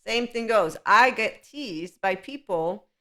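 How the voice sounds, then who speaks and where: A woman's voice: medium pitch, animated, slow, sharp tone. A woman hosting a spiritual self-help podcast in a solo monologue. She speaks candidly and with strong opinions, and laughs often as she goes. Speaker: podcast host.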